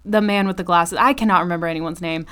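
Smooth-voiced woman swearing through a lively recap. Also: fairly low pitch, fast talker. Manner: animated, profane retelling with laughs. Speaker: podcast co-host. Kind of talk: casual chat.

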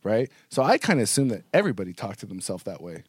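Animated man in casual podcast chat. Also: fast talker, slightly rough, no room sound. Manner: animated, acts out his inner voice with big jumps in pitch. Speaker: podcast co-host.

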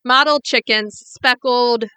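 A woman co-hosting a casual podcast chat, playful and quick to laugh. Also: fairly high pitch, bright, forceful tone, smooth. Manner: playful, laughs often, tries silly accents. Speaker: podcast co-host.

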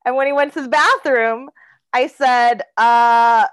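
A woman with a high voice recounts a date in a blunt, profane way, switching between her own lines and the other person's as she acts out the dialogue. The sound is dry and close, with no room around it. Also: slow, pauses often, dry recording. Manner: frank and profane, acts out both sides of dialogue. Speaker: podcast host. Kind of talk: candid comedic storytelling.

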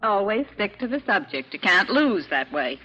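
A sharp-tongued young niece. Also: female voice, mid-range voice, big pitch swings, normal speed, husky. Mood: tart. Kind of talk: 1940s radio acting. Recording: dull old radio with faint hiss.

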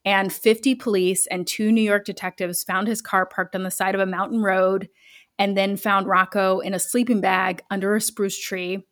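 A woman co-hosting a podcast, casually retelling a story with chatty asides and quick self-corrections. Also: medium pitch, flat delivery, fairly bright tone. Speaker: podcast co-host.

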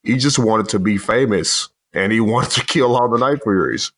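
Low-ish guy rambling about a movie, animated, swears a bit, podcast chat. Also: moderate pace. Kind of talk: casual movie discussion.

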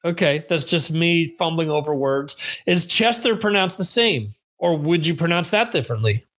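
A man's voice: fairly high pitch, lively intonation, normal speed, fairly bright tone. A middle-aged man from the United States hosting a podcast, chatting casually in a rambling, joking way. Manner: rambling, self-deprecating, jokey. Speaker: podcast host. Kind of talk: casual chat on a live stream.

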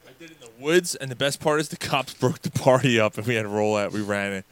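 A man's voice: medium pitch, expressive, quick pace, fairly bright tone, smooth. Foul-mouthed man hosting a casual podcast. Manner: swears a lot, rambling, laughing. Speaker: podcast host. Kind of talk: casual chat.

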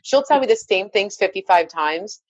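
A woman's voice: medium pitch, animated, normal speed, slightly rough, dry recording, dull audio. A woman in her thirties, a mother of three boys, chatting casually and telling rambling, self-deprecating stories. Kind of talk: casual chat.

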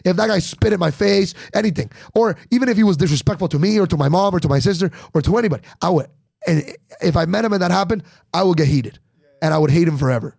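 A comedian guest on a podcast chats casually, his voice high, fast, gravelly and husky. He tells stories with animation, acting out other people's voices. The recording is dry, with clean studio sound.

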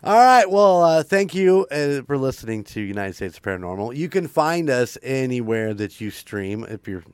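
A man's voice: mid-range voice, big pitch swings, moderate pace, a little mellow, smooth, no room sound. A man hosting a paranormal podcast, wrapping up in a rambling, upbeat way with frequent laughs. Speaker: podcast host. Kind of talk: casual podcast outro chat.

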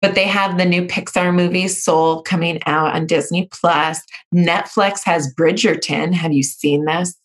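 A woman co-hosting a podcast, chatting casually in an animated, storytelling way with playful asides. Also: fairly low pitch, unhurried, hardly any pauses. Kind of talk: casual chat.

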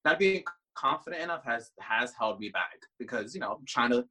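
A man with a bright, husky voice talks through his doubts in a relaxed interview. He rambles a little, restarts his sentences and leans on fillers. His tone stays reflective and candid. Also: medium pitch, a little fast, low-quality recording. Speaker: interview guest, drag performer. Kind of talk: casual interview chat.

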